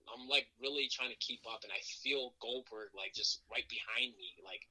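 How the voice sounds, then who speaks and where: A man, a professional wrestler, telling stories from his career in a casual interview, animated and self-deprecating, acting out quotes and laughing often. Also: moderate pace, low-quality recording. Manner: animated, acts out quotes with jumps in pitch.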